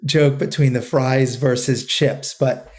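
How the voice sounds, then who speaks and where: A man's voice: mid-range voice, steady tone, slow pace. A man, a guest on a podcast, talking earnestly and often repeating words as he gathers his thoughts. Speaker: podcast guest, two-time founder. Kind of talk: casual interview chat.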